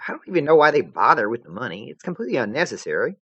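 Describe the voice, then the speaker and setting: A man voicing a gentle, earnest young human girl. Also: medium pitch, sing-song, rapid-fire, slightly rough, no echo, muffled recording, voice pushed up, exaggerated voice.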